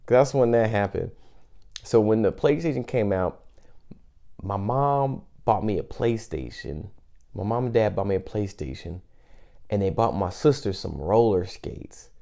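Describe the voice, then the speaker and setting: A man's voice: lowish voice, mellow. A man in his thirties, a podcast host telling a childhood story in a casual, rambling, chatty way. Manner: rambling, chatty, full of fillers.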